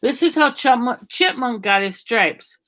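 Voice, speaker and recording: A woman's voice: on the high side, animated, measured pace, a bit bright, a little hiss or hum. Woman reading a children's story aloud.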